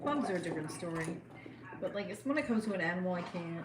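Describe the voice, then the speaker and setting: A woman's voice: on the low side, animated, quick pace, distant mic. A woman chatting casually and telling stories at a meal, with frequent laughter. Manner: chatty storytelling, laughs often. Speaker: cooking vlogger. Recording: echoey room with noisy background.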